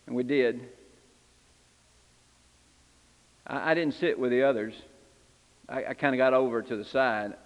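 A man's voice: medium pitch, brisk, long reverb tail, lightly acted. A man preaching in character as Simon Peter, an impulsive, repentant fisherman, telling his story in first person with earnest, confessional feeling. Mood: ashamed. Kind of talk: first-person dramatic sermon monologue.

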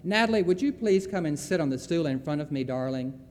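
A Southern man doing a calm patient young mother. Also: a little high, long reverb tail, close to an everyday voice. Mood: calm, coaxing. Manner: gentle, measured, coaxing.

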